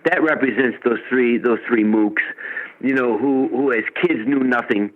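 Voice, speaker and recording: A man in his seventies from Chicago, a musician guest telling stories in a playful, animated way over the phone. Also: mid-range voice, normal speed. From Chicago, USA. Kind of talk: phone interview. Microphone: telephone. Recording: tinny phone line.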